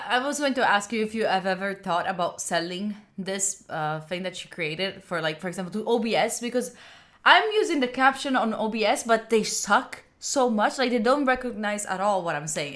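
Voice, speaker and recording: A woman's voice: mid-range voice, animated, moderate pace, fairly bright tone. A young Italian woman with an Italian accent, English not her first language, hosting a study stream and chatting casually. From Italy. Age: young adult. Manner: chatty, trails off with "blah, blah". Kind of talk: casual chat.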